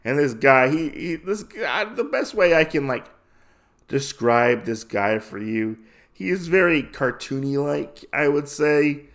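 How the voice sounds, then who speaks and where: A man's voice: on the high side, expressive, a little slow, gravelly, fairly bright tone. A man hosting a podcast, casually recapping a comic in a rambling way with lots of fillers. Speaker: podcast host.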